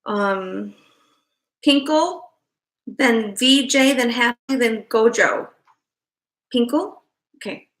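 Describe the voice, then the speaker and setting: A woman hosts a casual tarot livestream. She mutters to herself in frustration and swears now and then, and she reads out viewers' questions in a bright, fairly high voice. The room around her echoes. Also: slow pace, long pauses. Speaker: tarot reader and livestream host.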